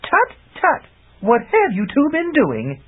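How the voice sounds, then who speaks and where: A man voicing a scheming, mocking sorceress in a high, shrill falsetto, heard over tinny phone-like audio. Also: wildly swooping pitch, slow pace, heavily acted.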